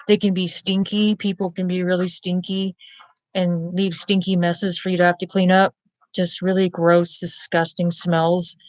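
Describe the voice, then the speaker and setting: A woman's voice: fairly low pitch, no room sound. A woman vlogger rambling bluntly to camera in a profane rant, often asking "you know what I mean?".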